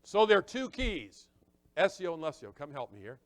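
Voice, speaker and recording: A middle-aged pastor preaches a sermon conversationally, acting out little dialogues, sinking into quiet asides and rising to loud, emphatic points. His voice is on the high side with big pitch swings, at normal speed.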